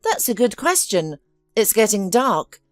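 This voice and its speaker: A woman reading the lines of a tired, determined mother in a storybook drama, gently firm with her children. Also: medium pitch, big pitch swings, measured pace, no echo, clean studio sound, faint music behind, pitched above the performer's own voice. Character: weary, determined mother, middle-aged woman. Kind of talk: audiobook character reading.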